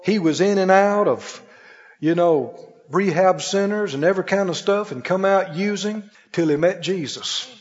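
Man, pastor, high voice, storytelling sermon, acts out both sides, reverberant church hall. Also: moderate pace, dull audio. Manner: storytelling preacher who acts out both sides of a dialogue, rising to emphatic peaks. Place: church sanctuary. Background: congregation calling out amens.

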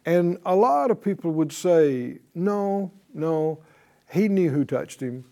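Man, Bible teacher, teaching sermon, high voice, mellow tone, emphatic, rhetorical questions. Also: animated, takes it slowly. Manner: emphatic, asks rhetorical questions and repeats phrases.

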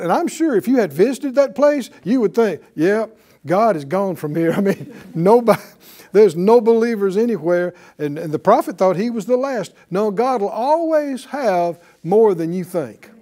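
A man's voice: high voice, dark tone. A man preaching a sermon, asking the congregation questions and acting out quotes. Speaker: pastor.

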